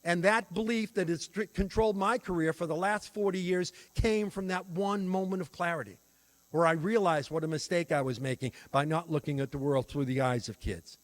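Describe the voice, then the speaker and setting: A man's voice: sits high, a little fast. An older man giving a workshop talk on teaching children, telling a personal story in an earnest, reflective way. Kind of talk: storytelling lecture.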